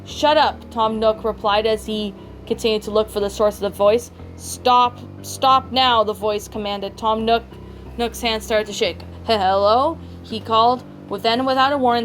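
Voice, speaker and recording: A woman reading a creepypasta aloud in a halting way, often stumbling and correcting herself. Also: medium pitch, flat delivery. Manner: halting, frequent self-corrections. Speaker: story reader. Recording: faint background music.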